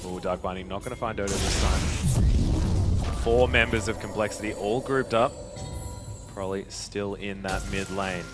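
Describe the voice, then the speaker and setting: A man doing lively play-by-play commentary on an esports match. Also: on the low side, over music. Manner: lively, excitable play-by-play with quick reactions. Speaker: esports caster.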